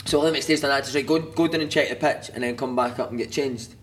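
A man's voice: mid-range voice, fast. A Scottish man, a former footballer, telling stories in casual chat, swearing freely and laughing through them. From Scotland. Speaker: podcast guest, former footballer.

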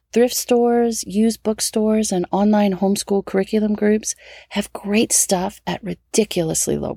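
Middle-aged woman podcast host, gravelly and mellow, chatty and encouraging, dry close mic. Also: mid-range voice, no room sound. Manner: encouraging, chatty, rhetorical questions. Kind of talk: casual solo podcast talk.

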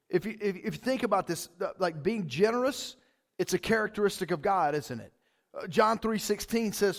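A man preaching a sermon as pastor, in a casual, conversational way, often saying "man" and "like". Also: high-pitched.

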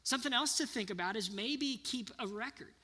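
A man's voice: very high voice, fairly quick, pushed and bright, long reverb tail. A man in his thirties giving an earnest sermon, often putting questions to his listeners. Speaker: pastor.

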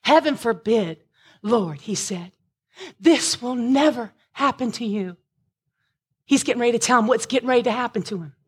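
A woman preaching a sermon, impassioned, at times rising to shouts with a breaking voice. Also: on the high side, expressive, normal speed, breathy edge.

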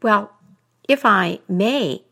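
Polite young girl, timid and careful, slow voice, put on by a woman storyteller. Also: mid-range voice, animated, vocal fry, bright, forceful tone, full character voice. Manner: polite and hesitant.

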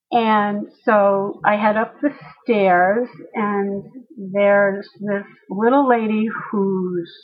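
A woman telling a personal story to a listener, animated and acting out the voices of the people she quotes. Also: medium pitch, breathy edge, lo-fi sound.

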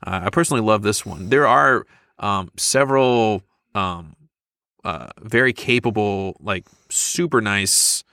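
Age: adult. Role: podcast co-host. Style: casual chat, lots of "uh" and "um". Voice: lowish and very bright, dry close sound. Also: male voice, unhurried, dry recording. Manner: chatty, laughs often, many fillers.

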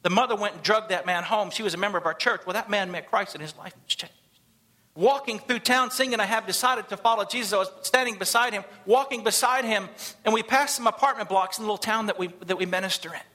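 A man preaching a sermon to a church congregation, telling stories and acting out the people in them with animated delivery. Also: sits high, fast talker. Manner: animated, acts out quoted voices. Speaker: missionary pastor. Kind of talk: sermon storytelling. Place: church service.

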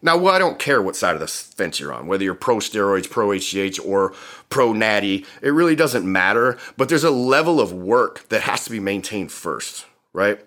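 A man's voice: lowish voice, sing-song, moderate pace, a bit bright. Heated, profane man ranting. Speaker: podcast host. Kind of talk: ranting solo podcast talk.

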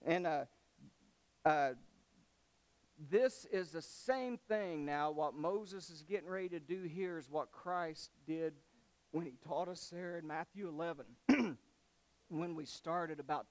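A man preaching in a folksy, conversational way, acting out scripture as he goes. His voice sits a little higher than most men's. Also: unhurried, no room sound. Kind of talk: sermon.

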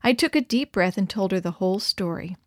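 A woman reading a children's story aloud, bringing the dialogue to life with lively, expressive delivery. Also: mid-range voice, fairly quick, no echo, clean studio sound. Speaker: narrator. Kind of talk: scripted children's story narration.

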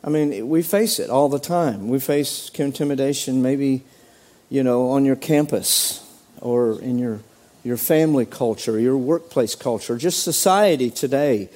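A man preaching a sermon as pastor, animated, acting out quoted voices with sudden jumps in pitch. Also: measured pace.

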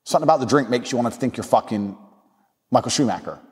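A man's voice: medium pitch, fast talker, darkish tone, big-room sound. A man hosting a podcast, telling a casual story bluntly and crudely, breaking into impressions. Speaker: podcast host. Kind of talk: casual anecdote.

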